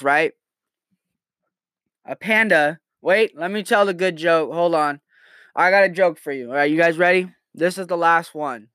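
A man's voice: on the high side, a bit bright, clear, resonant tone, no room sound, studio quality. A nineteen-year-old man telling crude jokes and rambling on a casual comedy podcast from his bedroom. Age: late teens. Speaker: podcast host.

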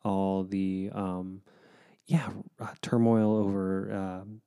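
Earnest man chatting with halting fillers. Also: low-pitched, little pitch movement, warm tone, clean tone. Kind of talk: casual chat.

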